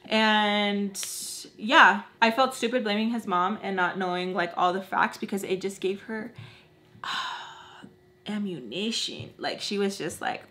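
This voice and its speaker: A young woman chatting through a storytime while doing her makeup, animated and acting out the other people's lines. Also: mid-range voice, unhurried. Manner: chatty, animated, acts out quoted voices. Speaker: beauty vlogger.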